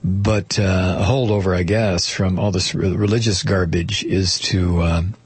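A man hosting a talk radio show, musing aloud in a halting way with many fillers and restarts. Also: sits low, steady tone, breathy edge, no room sound, soft background music.

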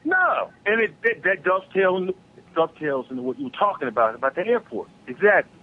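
Fired-up caller on a tinny phone line. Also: male voice, high voice, big pitch swings, fairly quick, slightly rough. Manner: profane, heated, ranting. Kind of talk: angry political rant on a call-in show. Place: South Carolina.

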